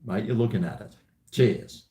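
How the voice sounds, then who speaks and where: A man's voice: lowish voice, expressive, normal speed, mellow, roomy sound. An Australian man chatting casually on a live stream at home, joking with viewers in a laid-back way. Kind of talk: casual live-stream chat while drinking.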